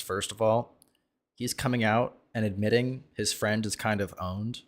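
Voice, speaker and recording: A man commenting on a video during a live stream, brash and profane, mocking the creator and breaking into sudden loud outbursts. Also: on the low side.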